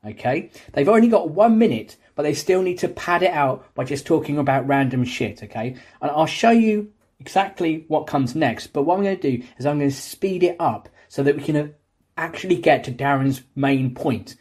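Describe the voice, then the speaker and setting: A man's voice: a little high, animated, moderate pace, darkish tone, husky. A man giving casual, sardonic video commentary with swearing and chatty asides, recorded on a cheap microphone. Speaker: YouTube commentator. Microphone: cheap microphone instead of his usual one.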